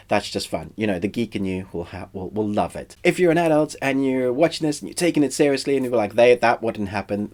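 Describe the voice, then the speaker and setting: A man with a head cold and a stuffy, congested voice, giving a chatty, relaxed spoken review. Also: fairly low pitch. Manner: chatty, relaxed, uses fillers. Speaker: film and TV reviewer.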